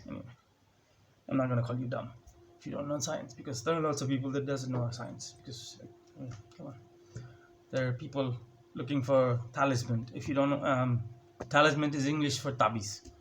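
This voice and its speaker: A man's voice: medium pitch, fairly even intonation, fairly quick, a little hiss or hum. A young man ranting sarcastically at home into a phone, mimicking others with a raised voice. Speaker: vlogger. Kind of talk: casual ranting monologue. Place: home, indoors.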